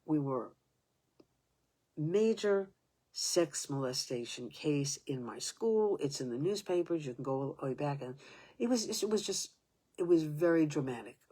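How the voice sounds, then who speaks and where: A woman in her seventies telling a personal story in a halting way, restarting sentences and sometimes dropping to a whisper. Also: low voice, expressive, mellow, breathy edge. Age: 70s.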